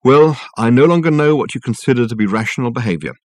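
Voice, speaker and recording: A man's voice: mid-range voice, expressive, quick pace, no echo, clean studio sound, pitched above the performer's own voice, close to an everyday voice. A man doing a flustered, sheepish young man. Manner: hesitant, sheepish. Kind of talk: audiobook character voice.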